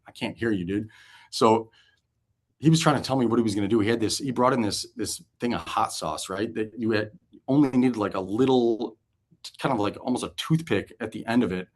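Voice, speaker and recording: A former pitcher in his forties sits for a casual interview, spinning locker-room tales. His delivery is loose and lively, peppered with swearing and bursts of laughter.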